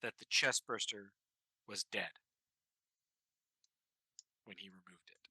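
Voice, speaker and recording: A man running a tabletop game as game master, narrating in a halting way with many ums and restarts. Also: lowish voice, fairly even intonation, creaky, pushed and bright, slightly rough, no room sound, poor audio.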